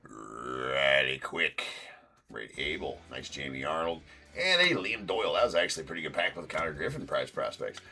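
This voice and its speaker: A man's voice: rumbling low, animated, moderate pace, vocal fry, bright, forceful tone. A man hosting a live-stream card break, talking loosely and casually, swearing and then jokingly apologizing. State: sore tooth.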